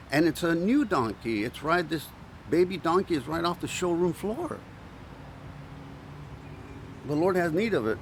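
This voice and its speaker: A male pastor preaching with animated storytelling, acting out quoted voices and restarting words often. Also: a little high, gravelly, slight background noise. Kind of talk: sermon.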